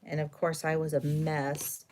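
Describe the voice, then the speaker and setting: A woman's voice: low voice, flat delivery, a little slow, darkish tone, slight background noise. A middle-aged woman, host of a craft stream, telling a long story in a rambling, chatty way with fillers and self-corrections. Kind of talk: casual storytelling during a live stream.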